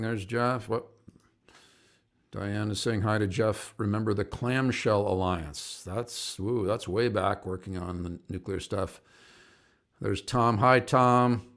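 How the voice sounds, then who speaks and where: His voice is creaky and fairly low in pitch as this middle-aged singer and activist hosts a live online show. He rambles, chuckles, tells stories, and greets his viewers by name in a casual live-stream style.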